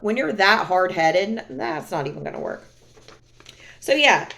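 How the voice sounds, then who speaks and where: A woman's voice: mid-range voice, fairly bright tone. A woman vlogging to camera in a casual, sarcastic, exasperated way.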